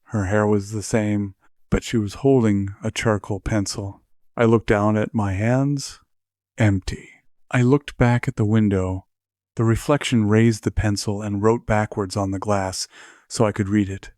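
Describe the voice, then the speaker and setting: A man with a low voice narrating a scripted horror story in a measured, even way. The recording is dry and close, with no room sound. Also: no room sound.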